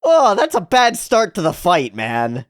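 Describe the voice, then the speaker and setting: Excitable swearing woman reacting to anime. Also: on the low side, measured pace, dry recording, clean studio sound. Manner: excitable, swears and laughs loudly, swings from mutters to squeals. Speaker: reaction video host. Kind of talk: casual reaction commentary while watching anime.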